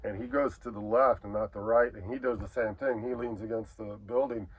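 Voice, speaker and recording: A man's voice: on the low side, steady tone, brisk. A middle-aged man telling a profane, rambling story in a casual way, adding sound effects. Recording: dull lo-fi recording.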